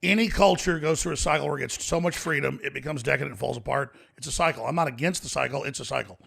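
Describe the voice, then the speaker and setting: A man's voice: mid-range voice, fast, creaky, fairly bright tone, husky. A man on a podcast as the guest, ranting emphatically in casual studio chat.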